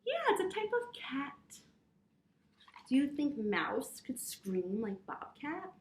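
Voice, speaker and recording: A woman teaching yoga to children, reading a story aloud in a gentle, encouraging way and roaring and meowing with them. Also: high-pitched, sing-song, slow, recorded from a distance, a little hiss or hum. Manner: gentle, encouraging, playful animal sounds. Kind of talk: storytime with kids' yoga instruction. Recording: echoey room.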